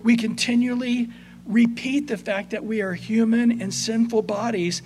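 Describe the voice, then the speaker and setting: Slow, high-voiced man preaching a sermon. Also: steady tone, a little hiss or hum. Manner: conversational, swings between soft and emphatic. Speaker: pastor.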